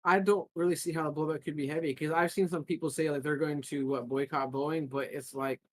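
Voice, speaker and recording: A man's voice: a little high, steady tone, fairly quick, a little hiss or hum. A man co-hosting a podcast, talking casually in long rambling runs with frequent restarts and a gloomy, nihilistic outlook. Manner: rambling, self-described nihilistic, restarts often. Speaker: podcast co-host.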